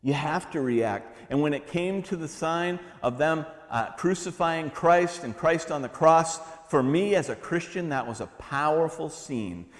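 A middle-aged man preaching a sermon in a church, conversational and animated, with humorous asides. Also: a little high, a little slow, hardly any pauses. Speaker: pastor. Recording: long hall reverb.

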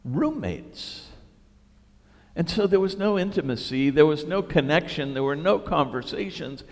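A middle-aged man preaching a sermon, telling stories in an animated, self-deprecating way. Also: on the high side, unhurried, long reverb tail. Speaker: pastor.

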